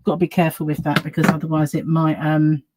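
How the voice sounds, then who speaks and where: A woman's voice: sits low, level tone, fast talker, background noise. A woman chatting casually on her live stream from home, greeting viewers by name and rambling about her day.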